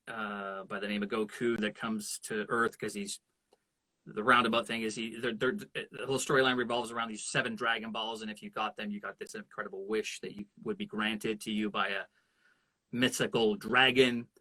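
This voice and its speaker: A man being interviewed as a voice actor, telling stories in an animated way and now and then slipping into character voices. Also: mid-range voice. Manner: animated storyteller who slips into voices. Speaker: voice actor guest. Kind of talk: casual interview chat.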